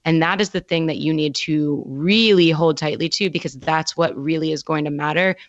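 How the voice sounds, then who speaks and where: A woman's voice: deep voice, moderate pace, dry recording, highs cut off. A woman hosting a podcast who speaks in an encouraging, thoughtful way. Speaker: podcast host. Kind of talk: casual podcast chat.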